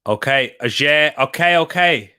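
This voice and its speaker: Excitable young man streaming football. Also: on the high side, a little slow, clean tone. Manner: excitable, reacting loudly to chances. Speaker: football watch-along streamer. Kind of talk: live match watch-along commentary.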